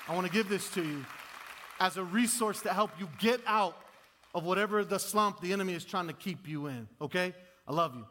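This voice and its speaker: A male pastor preaching an impassioned sermon, swinging between booming declarations and hushed pleas and often repeating himself. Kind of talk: sermon with altar call. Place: church sanctuary. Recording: long hall reverb.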